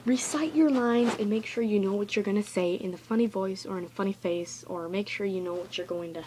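A woman's voice: medium pitch, normal speed, a little mellow, a little hiss or hum. A woman recording a casual, rambling tutorial vlog in her bedroom, chatty and goofy and easily sidetracked. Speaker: vlogger.

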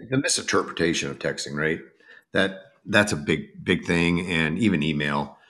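A man's voice: deep voice, moderate pace, a bit bright. A man co-hosting a podcast and talking casually about recruiting, who thinks aloud and often restarts his sentences. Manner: reflective, restarts thoughts mid-sentence. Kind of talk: casual conversational chat.

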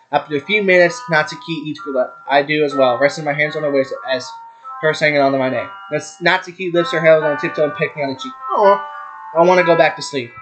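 A young gaming YouTuber with a slightly high voice reads a visual novel aloud at a brisk clip, adding commentary, tripping over names, and swearing and laughing at himself. Game music plays clearly behind him.

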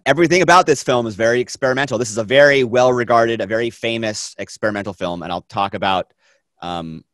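A man teaching a film class, talking in a lively, conversational way and asking the students questions. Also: lowish voice, no room sound. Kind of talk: classroom lecture.

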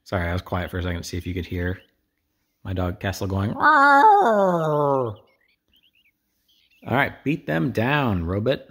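A man's voice: deep voice, fairly quick, breathy edge. A man giving casual, rambling commentary while playing a video game, with wry asides to his viewers. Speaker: gameplay streamer. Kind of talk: casual let's play commentary.

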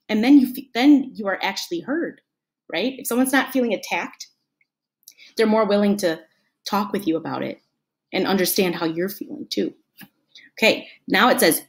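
A woman's voice: medium pitch, animated, moderate pace. A woman teaching a lesson to children in a patient, friendly way, acting out the example sentences. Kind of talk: classroom lesson talk.

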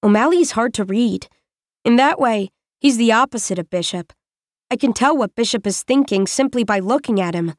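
A woman narrating an audiobook in the first person, with measured, reflective storytelling on a close studio microphone. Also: fairly high pitch, animated, dry recording.

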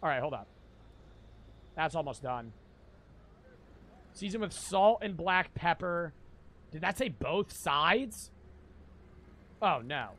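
A young man streaming a cooking game, talking to his chat in a frantic, profane, yelling way. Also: a little high, animated, slow pace, long pauses. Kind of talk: gaming livestream commentary.

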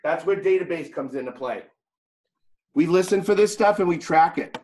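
A man's voice: fairly high pitch, expressive, moderate pace, a little mellow. Man with a thick Boston accent. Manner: blunt, conversational, jokey. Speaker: real estate trainer. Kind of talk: classroom training talk. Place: training room. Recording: echoey room.

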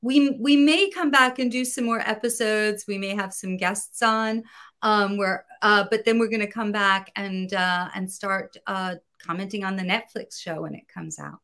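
A woman comic book writer, a guest in a casual interview, talking in an animated way, laughing often and searching for her words. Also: medium pitch, moderate pace.

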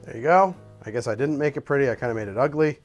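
A man hosting a comedic bartending show, talking in an animated, wry and profane way while he mixes and tastes drinks. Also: medium pitch, very fast, lo-fi sound, soft background music. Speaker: cocktail show host.

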